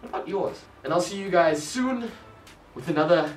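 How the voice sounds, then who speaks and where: A man's voice: high-pitched, animated, normal speed. A young man from Africa, rambling through a comedic vlog rant full of "like" and asides. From South Africa. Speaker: vlogger. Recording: roomy sound from a distance. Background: faint music.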